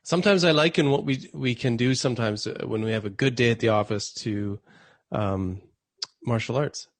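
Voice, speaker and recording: A man's voice: medium pitch, moderate pace, no echo. A man hosting a casual podcast conversation, an easygoing interviewer who prompts his guest with questions. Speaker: podcast host, naturopathic doctor.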